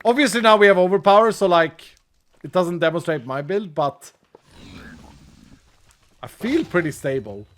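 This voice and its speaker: Man, gaming streamer, casual rambling commentary, frequent laughter, higher pitch. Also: expressive, normal speed, pauses often. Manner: chatty, rambling, laughs often.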